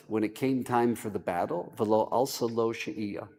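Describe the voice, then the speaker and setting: Rabbi teaching in a reverberant hall. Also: male voice, on the low side, a little slow, hardly any pauses, a little mellow. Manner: dramatic, chants verses then explains. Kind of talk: teaching a sermon.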